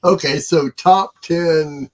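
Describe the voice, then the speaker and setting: A middle-aged man co-hosts a relaxed chat show. He talks very slowly, in a halting way full of fillers. He often breaks into soft chuckles. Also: a little high. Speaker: co-host. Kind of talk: casual chat.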